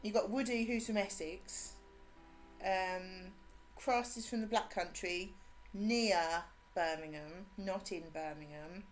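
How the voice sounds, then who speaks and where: An English woman with a mixed Suffolk, Cockney and Brummie accent, chatting casually with viewers as she streams a game, bubbly and quick to laugh. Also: medium pitch, soft background music. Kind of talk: casual live-stream chat.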